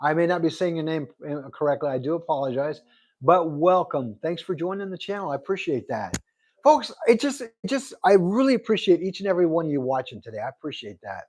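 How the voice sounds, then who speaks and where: A man's voice: a little high, very animated, fairly quick, darkish tone. Chatty man hosting a livestream. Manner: chatty, reads out viewer comments, thanks viewers a lot. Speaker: livestream host. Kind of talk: casual live chat. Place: Arizona.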